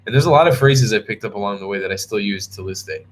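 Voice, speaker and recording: A man's voice: on the low side, quick pace, a little hiss or hum. Tired young man rambling on a livestream. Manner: rambling, restarts a lot, reads viewer comments aloud. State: tired and yawning. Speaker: travel vlogger answering live chat. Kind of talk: casual live-stream chat.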